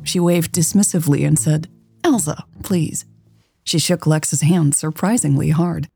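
A woman narrating a romance story in a steady, scripted way. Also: deep voice, normal speed, creaky, breathy edge, no room sound, soft background music. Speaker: audiobook narrator.

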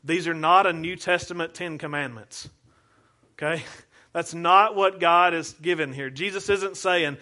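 A man's voice: fairly high pitch, measured pace, pushed and bright. A male pastor preaching a sermon in an earnest, conversational way, asking the congregation rhetorical questions.

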